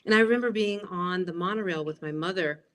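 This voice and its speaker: A woman in her fifties, an interview guest, telling childhood stories in an animated way and acting out the voices in them. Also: fairly low pitch, fast talker. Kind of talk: storytelling interview.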